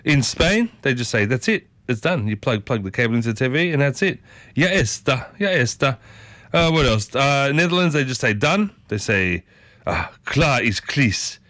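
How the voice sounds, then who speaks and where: A man's voice: mid-range voice, fairly quick, dry recording. A man with an Australian accent hosting a morning radio show, chatting playfully and jumping from thought to thought. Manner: chatty, playful, jumps around excitedly. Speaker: radio host.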